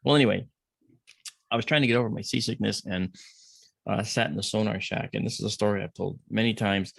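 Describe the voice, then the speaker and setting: A man's voice: on the low side, fairly even intonation, a little fast, creaky, slightly rough, dry recording, studio quality. A middle-aged man as a podcast guest, telling a story in casual conversation and acting out the voices of the people in it.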